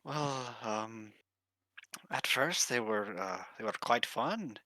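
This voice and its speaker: Man as shy young son, quiet and halting, dry close sound. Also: mid-range voice, expressive, dry recording. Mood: hesitant. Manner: hesitant, soft-spoken.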